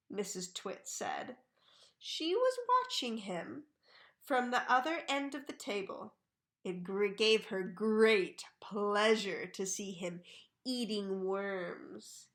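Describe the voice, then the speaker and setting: Slow, bright woman reading a story. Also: medium pitch, lively intonation. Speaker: reader of a children's book.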